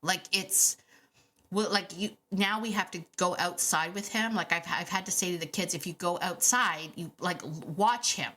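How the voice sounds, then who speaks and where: A woman hosting a dog training podcast, telling stories in a chatty, animated way with laughs and fillers. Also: on the low side, normal speed. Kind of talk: casual podcast monologue.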